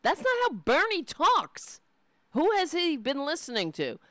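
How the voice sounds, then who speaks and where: A woman's voice: high-pitched, wildly swooping pitch, measured pace, fairly bright tone, dry recording. A woman ranting in angry, profane, sarcastic commentary as she reacts to political clips.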